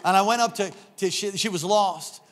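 Middle-aged pastor guy preaching, kinda high voice, tells stories and gets loud. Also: normal speed. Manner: animated, acts out voices in anecdotes, rising to shouts. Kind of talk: sermon with storytelling.

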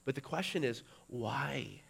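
A middle-aged male pastor preaching a sermon, building to loud, emphatic peaks. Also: medium pitch, expressive, measured pace, creaky, slightly rough.

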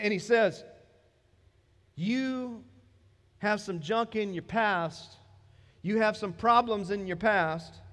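A man with a Southern American accent preaching a sermon as pastor of a church, in a conversational way that builds to emphatic points. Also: high voice. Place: church sanctuary. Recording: long hall reverb.

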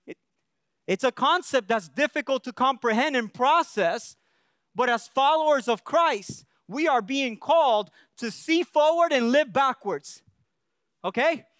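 A man's voice: very high voice, expressive, a little slow, a bit bright, clear, resonant tone, no echo, studio quality. A male pastor preaching a sermon in an earnest way, often checking in with the congregation and restarting his phrases.

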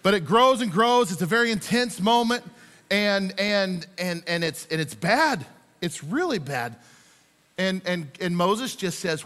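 A man preaching a sermon to his church, telling the story with lively voices for the people in it. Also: high voice, moderate pace, in a large hall. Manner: animated storytelling, acts out scenes with voices. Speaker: pastor.

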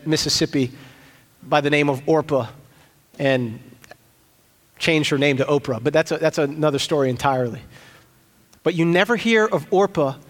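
High-voiced male pastor preaching in a hall. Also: fairly bright tone. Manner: conversational, frequent restarts and asides. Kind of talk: sermon. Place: church sanctuary.

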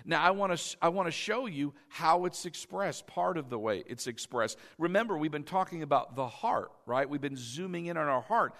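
Man, pastor, sermon, high-pitched, conversational, repeats for emphasis, echoey church. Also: expressive, normal speed, few pauses, a bit bright. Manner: conversational, often checks in with the congregation; emphatic, repeats key phrases.

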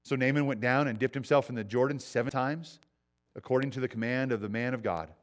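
A man's voice: mid-range voice, fast talker. A man preaching a sermon in a conversational way, acting out quoted voices and repeating lines for emphasis. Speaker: pastor.

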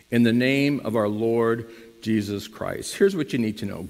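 A man preaching a sermon to his congregation in lively style, now and then rising to loud emphatic bursts. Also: lowish voice, a little fast, big-room sound. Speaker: pastor.

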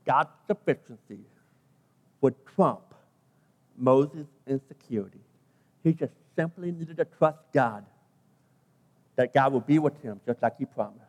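A man's voice: medium pitch, lively intonation, a little slow, pauses often, a little mellow, in a large hall. A British man, a pastor, preaching a sermon, emphatic and stressing key phrases by repeating and stretching them.

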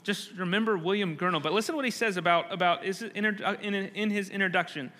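A man's voice: high-pitched, fast, sharp tone. A man preaching a conversational sermon, often restarting phrases, and acting out quoted lines with rising intensity. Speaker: pastor.

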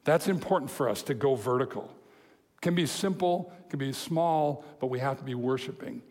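A man preaching a sermon, telling a story with lively quoted voices and chuckles. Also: mid-range voice, normal speed. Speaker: pastor. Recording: long hall reverb.

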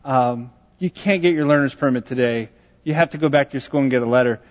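A man's voice: medium pitch, fast, voice pushed down, natural voice. A man preaching quotes a sheepish, apologetic woman clerk at a counter, using his own light voice. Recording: dull sound in a large reverberant hall.

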